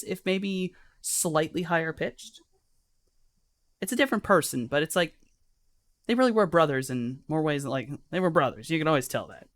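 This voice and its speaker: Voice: mid-range voice, sing-song, normal speed, a bit bright, dry recording. Casual, descriptive horror game master. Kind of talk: narrating a tabletop horror game.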